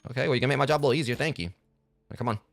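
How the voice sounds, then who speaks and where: A man's voice: mid-range voice, rapid-fire, gravelly, no room sound. A man streaming himself playing a game, chatting casually and rambling, with lots of fillers. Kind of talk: gameplay commentary.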